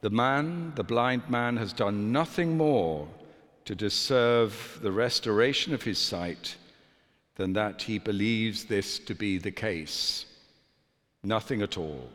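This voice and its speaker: A male priest delivers a sermon in a low voice, taking his time over every phrase and pausing for effect. His words ring out through a church with a long, lingering reverb. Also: a bit bright. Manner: measured, deliberate delivery with dramatic pauses.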